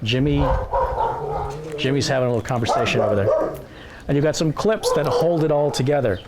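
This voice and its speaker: A man's voice: mid-range voice, fairly quick, very noisy. A man hosting a live stream in a casual, chatty way, reading viewer messages aloud and joking at his own expense. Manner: self-deprecating joking.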